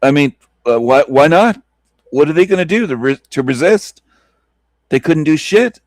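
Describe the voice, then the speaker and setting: Stream host, laughing scornful reaction, high lively voice, dry close sound. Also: male voice, moderate pace, no room sound. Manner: mocking, incredulous, laughs often. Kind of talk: casual reaction commentary.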